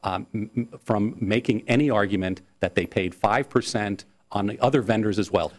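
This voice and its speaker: A man's voice: a little high, a little mellow. Insistent male attorney arguing in court. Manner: earnest, insistent, repeats words while pressing a point. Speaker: appellate attorney. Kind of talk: courtroom oral argument.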